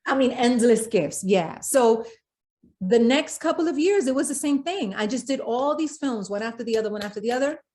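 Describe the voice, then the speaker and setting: Animated New woman telling stories. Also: fairly high pitch, brisk. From South Bronx, New York. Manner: lively storyteller, acts out quoted dialogue. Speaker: guest, singer and actress. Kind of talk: podcast interview storytelling.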